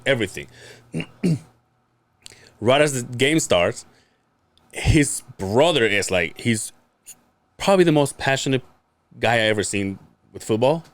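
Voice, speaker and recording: Animated man telling a rowdy story. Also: fairly low pitch, dry recording. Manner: animated, acts out quotes, swears freely, laughs often. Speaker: podcast co-host. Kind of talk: casual storytelling chat.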